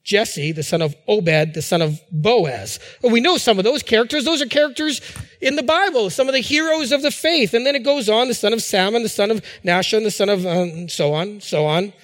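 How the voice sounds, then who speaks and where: Middle-aged male pastor, high voice, chatty sermon delivery with restarts, long hall reverb. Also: brisk, fairly bright tone. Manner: conversational preaching with fillers and restarts.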